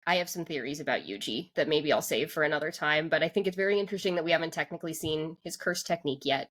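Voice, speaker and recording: A woman's voice: sits low, fast talker, fairly bright tone. A woman co-hosting a podcast, talking through an anime episode in casual chat with lots of "like" fillers and restarts. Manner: rambling, full of "like" fillers and restarts. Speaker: podcast co-host.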